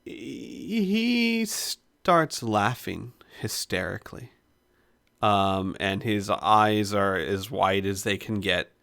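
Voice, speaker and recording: A man's voice: on the low side, lively intonation, extremely slow, creaky, fairly bright tone. A man narrating a tabletop role-playing game as game master, hesitant and full of fillers.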